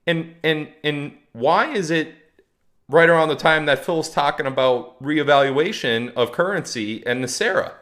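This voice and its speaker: A man's voice: a little high, lively intonation, normal speed, fairly bright tone. A man hosting a casual livestream, talking to his chat in a chatty, mocking way and reading viewer comments aloud. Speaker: livestream host.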